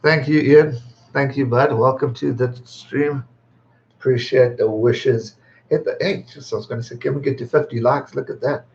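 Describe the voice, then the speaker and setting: Celebrating his birthday on a livestream, a twenty-something man from England chats casually, reads viewer comments aloud, laughs a lot and swears freely. He speaks at a normal speed in a steady, medium-pitched voice that is gravelly and darkish. The stream audio is slightly dull and lo-fi.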